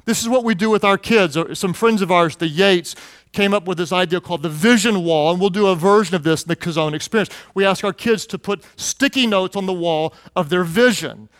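A middle-aged man preaching with a fairly high, bright-edged voice, close and dry with no room sound. He tells stories in an animated way and jumps into excited quoted voices. A pastor's sermon delivery. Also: fairly quick, no room sound.

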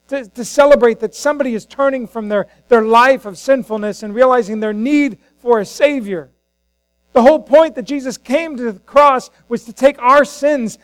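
A high-pitched man preaches with passion to a church congregation, giving the figures in his scripture reading voices of their own. His voice sounds dry and close, with faint music behind him. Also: no echo, poor audio. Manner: impassioned, acts out the scripture voices. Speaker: pastor. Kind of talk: sermon.

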